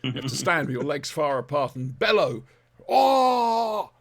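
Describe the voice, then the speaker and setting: A man's voice: mid-range voice, a little fast, a bit bright, husky. A man hosting a podcast, chatting casually in a jokey, rambling way. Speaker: podcast host. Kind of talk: casual chat.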